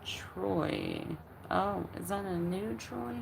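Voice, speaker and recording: A woman livestreams in a slow, gravelly, rumbling low voice, with the audio very noisy. She chats casually and reads chat aloud, rambling with lots of fillers and restarts.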